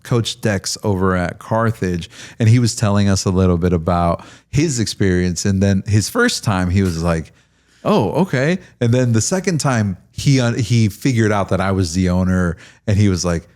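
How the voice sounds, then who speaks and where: A man's voice: low-pitched, expressive, normal speed, few pauses, a little mellow. A man with a Midwestern American accent hosting a podcast, telling stories in an irreverent, joking way. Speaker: podcast host. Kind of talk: casual podcast conversation.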